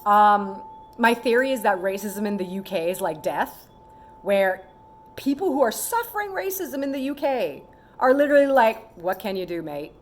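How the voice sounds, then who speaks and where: A woman in her thirties talking casually to camera as a vlogger, animated and given to mimicking other people in quoted asides. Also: a little high, moderate pace, a little hiss or hum.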